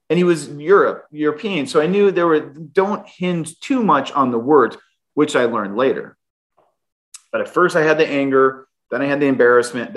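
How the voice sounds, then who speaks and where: A middle-aged man, a guest, animatedly telling a personal story and often restarting his sentences. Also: mid-range voice. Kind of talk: storytelling in an interview.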